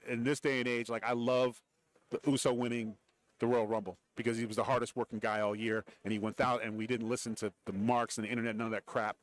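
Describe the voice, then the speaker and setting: A man being interviewed on a radio show, rambling through stories about his career and acting out quotes. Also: medium pitch. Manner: rambling anecdotes with acted-out quotes. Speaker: interview guest, former wrestler. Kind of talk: casual interview storytelling. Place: radio row at a large event.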